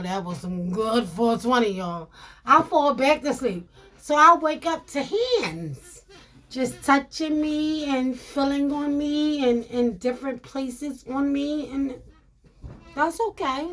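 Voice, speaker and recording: A high-pitched woman shares a personal story with her viewers, casual and animated. She repeats herself and addresses them as y'all.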